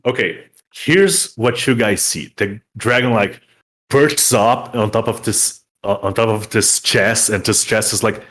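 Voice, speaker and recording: Slow, rambling game master man. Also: on the low side, fairly bright tone. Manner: rambling, full of fillers. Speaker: dungeon master. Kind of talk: narrating a tabletop game.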